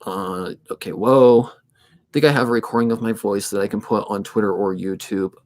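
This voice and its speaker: A man in his twenties who narrates fanfic readings, chatting casually on a livestream in a steady, somewhat monotone way and thinking aloud as he goes. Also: on the low side, normal speed. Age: 20s.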